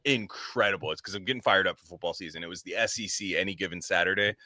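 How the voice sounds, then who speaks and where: Bright lively dude cohosting a podcast, swears a lot, dry mic. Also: male voice, low-pitched, fast talker, no echo. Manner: animated, swearing, acts out impressions of coaches. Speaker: podcast co-host. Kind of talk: casual chat.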